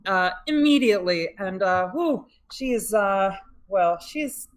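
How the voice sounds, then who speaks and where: A woman's voice: on the high side, lively intonation, a little slow, sharp tone, pitched above the performer's own voice. A woman playing a jittery male officer. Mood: nervous. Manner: anxious, over-eager, rambling. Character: nervous male military officer, a corporate lackey.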